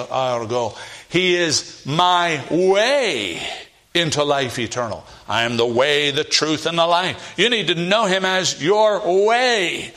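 A man delivers a sermon at an unhurried pace, his voice bright and fairly high for a man. He swings between emphatic, raised stresses and quiet, heavy drops, and reads scripture in old-fashioned wording. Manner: emphatic, rising to loud stresses and dropping low for weight; reads scripture aloud in King James wording. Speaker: preacher.

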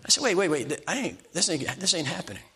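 An older man preaching a sermon, telling folksy personal stories with restarts and slow, emphatic punchlines. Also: sits high, sing-song, bright, forceful tone, husky.

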